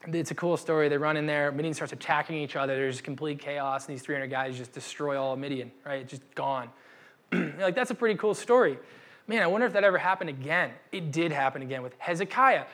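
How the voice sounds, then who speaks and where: A young man giving a casual, humorous sermon as a pastor, acting out the people in the story with slang and quick asides. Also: a little high. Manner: animated, acts out quoted voices with slang. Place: church gathering.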